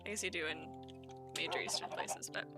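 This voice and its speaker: With loud music playing, a young woman from Eastern Canada talks a little fast in a lowish voice with fairly even intonation. She's streaming a game and chatting casually, laughing a lot as she tells giggly, meandering stories.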